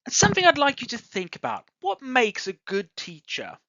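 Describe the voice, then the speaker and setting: A bright, expressive voice with a lively rise and fall in pitch, taking everything slowly as it explains grammar to learners. The sound is close and dry, with a slightly dull, lo-fi quality. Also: dry recording. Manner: slow, clearly enunciated teaching delivery. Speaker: English teacher. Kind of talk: ESL grammar lesson.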